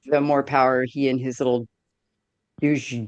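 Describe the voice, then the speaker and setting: A woman giving her sharp, sarcastic take as a guest on a livestream. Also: a bass voice, little pitch movement, a little slow, clean tone, dry recording. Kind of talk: casual commentary.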